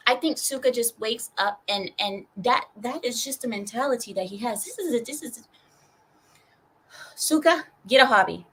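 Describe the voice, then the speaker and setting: Young woman host with a sarcastic, animated ranting delivery and a bright voice. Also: on the high side, moderate pace, slightly rough, low-quality recording. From California. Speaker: streamer and host. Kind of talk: ranting news commentary.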